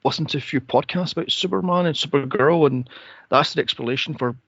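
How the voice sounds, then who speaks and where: A man's voice: fairly high pitch, fast talker, creaky, a bit bright, breathy edge, no echo, dull audio. A man co-hosting a movie podcast, chatting casually, swearing and mocking the film with silly impressions of its characters. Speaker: podcast co-host. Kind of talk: casual movie review chat.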